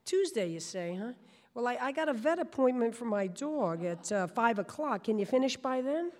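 A gruff, laid-back boat owner drawls his words in a raised, higher voice, as a woman puts him on. He is a middle-aged man who owns a shabby little boat. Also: expressive, moderate pace, darkish tone, in a large hall, lightly acted. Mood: drawling.

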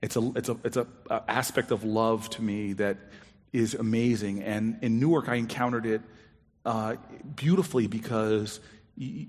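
Animated storytelling man in reverberant hall. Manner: animated, acts out quoted dialogue with big pitch jumps. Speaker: storyteller on stage. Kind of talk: personal storytelling talk.

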